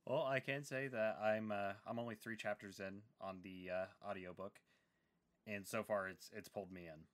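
A man's voice: lowish voice, little pitch movement, normal speed. A man hosting a casual book interview, chatty and enthusiastic with plenty of fillers. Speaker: podcast host.

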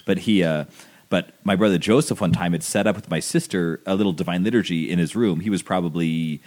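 Brief: man with a very low voice, easygoing anecdotes in casual chat. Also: fairly quick. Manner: relaxed anecdotal storyteller.

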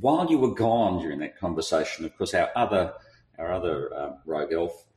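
A man recounting his part in a tabletop game, telling it in a relaxed and amused way. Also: sits low, a little fast, reverberant, rough recording. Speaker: player. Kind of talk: casual podcast recap of a tabletop game.

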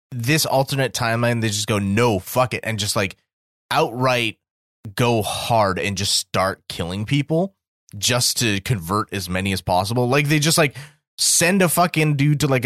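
A man co-hosting a podcast, talking casually in an animated, emphatic way and swearing freely. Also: mid-range voice, no echo, clean studio sound. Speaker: podcast co-host.

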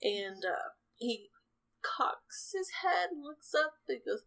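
A woman's voice: sits high, big pitch swings, takes it slowly, gravelly, fairly bright tone, poor audio. A woman narrating a tabletop role-playing game as game master, chatty and rambling, often laughing.

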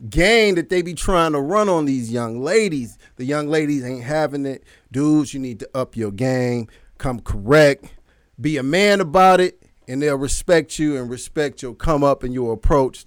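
A man's voice: mid-range voice, no echo. A man from the East Coast co-hosting a casual podcast, giving blunt streetwise advice and jumping in with questions. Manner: streetwise advice, eager interjections. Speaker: podcast co-host. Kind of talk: casual chat.

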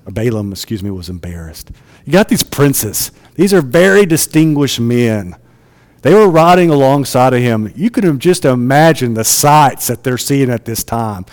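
A man's voice: medium pitch, a little mellow, long reverb tail. A man preaching a sermon in a conversational way, often asking his listeners rhetorical questions.

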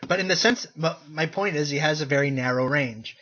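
Bright, husky-voiced man hosting a podcast. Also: a little high, fairly quick, dull audio. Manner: rambling, filler-heavy, self-correcting. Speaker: podcast co-host. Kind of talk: casual movie podcast chat.

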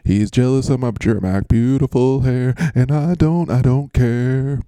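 A man's voice: medium pitch, measured pace, dark tone, smooth, no echo, natural voice. A man impersonating a vain male football star who brags about his hair in a rambling, boastful way. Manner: bragging, rambling.

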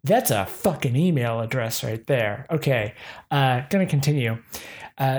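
A man's voice: medium pitch, animated, unhurried, a little mellow. A man giving a comedic reading of a scam email, spelling out every comma and space with mock precision and breaking off for amused asides. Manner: reads aloud punctuation and spacing with dry mock precision. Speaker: comedic reader.

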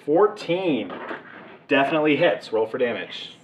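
A man's voice: medium pitch, very animated, measured pace, a little hiss or hum. A man narrating as game master of a tabletop game, in a loose, rambling way full of fillers. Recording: distant, echoey, muffled mic.

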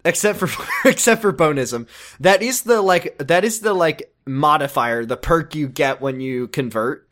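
A man co-hosting a podcast, joking around in casual comedic chat. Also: on the high side. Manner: jokey, animated, quick to laugh. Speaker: podcast co-host.

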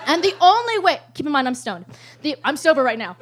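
Woman, high voice, live comic storyteller, swears freely and keeps laughing mid-story. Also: big pitch swings, brisk. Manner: rambling, profane, laughs often.

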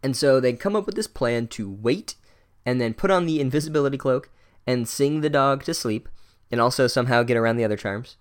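A man's voice: mid-range voice, brisk. A man giving a sarcastic, profane comedic recap of a book.

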